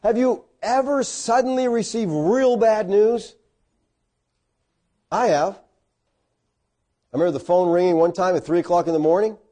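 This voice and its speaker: A man's voice: normal speed, pauses often. A middle-aged man preaching a sermon, telling stories with folksy asides and self-deprecating humor. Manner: animated storytelling with sudden loud, high bursts.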